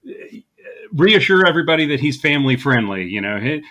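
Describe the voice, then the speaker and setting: A man co-hosting a podcast, casually recapping a comedy film, laughing often and quoting lines in a deadpan. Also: a little high, fast. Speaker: podcast co-host. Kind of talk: casual movie-recap chat.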